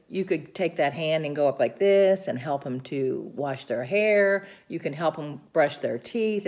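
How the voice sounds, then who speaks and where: A middle-aged woman with a slightly low voice, passing on what she learned at a caregiving seminar. She talks informally and earnestly, walking through tips and describing hand gestures as she speaks. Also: a little mellow. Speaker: caregiver sharing seminar notes. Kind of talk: informal talk recounting a seminar.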